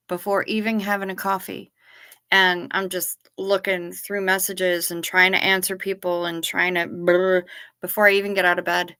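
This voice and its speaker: A woman with a bright, clear tone talks casually to her viewers from her chair at home. She rambles along and often trails off. She is a little sleepy and keeps yawning. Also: lowish voice. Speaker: livestream host. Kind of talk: casual livestream chat with viewers.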